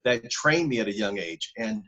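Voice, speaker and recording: A man's voice: lowish voice, lively intonation, moderate pace, a bit bright. A man from Northern California, a podcast guest telling his life story in an interview, emphatic and repeating words for stress. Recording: dull lo-fi audio.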